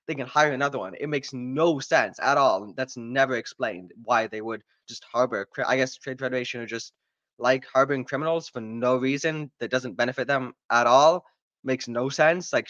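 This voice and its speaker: A man's voice: medium pitch, a bit bright, no echo, muffled recording. A man ranting in a sarcastic, exasperated and profane way while reviewing a show. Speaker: video reviewer.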